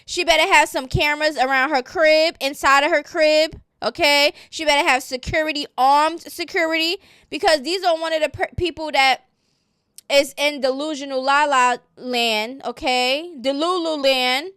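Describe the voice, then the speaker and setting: A woman's voice: high voice, normal speed, fairly bright tone, no echo, studio quality. A woman hosting casual gossip commentary, blunt, sassy and mocking in tone.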